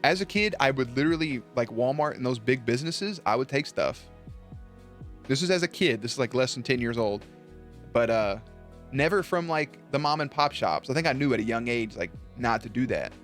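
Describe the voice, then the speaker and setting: A man's voice: mid-range voice, expressive, fairly quick, fairly bright tone, faint music behind. A young man streaming live, telling stories to his chat in a casual, profane and laughing way.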